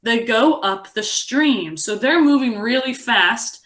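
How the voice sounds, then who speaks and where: A young adult woman teaching a reading lesson to a class, encouraging and expressive as she reads aloud. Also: on the high side, slow pace.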